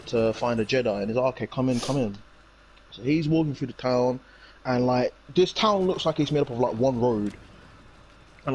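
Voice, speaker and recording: A man's voice: mid-range voice, a little mellow, a little hiss or hum. A young man, casually recapping a TV episode in a rambling, slangy way. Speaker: reviewer. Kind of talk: casual chat.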